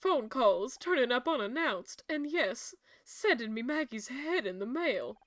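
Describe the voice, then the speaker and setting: A nervous, ashamed young club owner with a British accent pours out her troubles in a high, bright voice, as a woman puts her on while reading a mystery game. The sound is close and dry, with faint music behind. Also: expressive, unhurried, no room sound. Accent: British (put on).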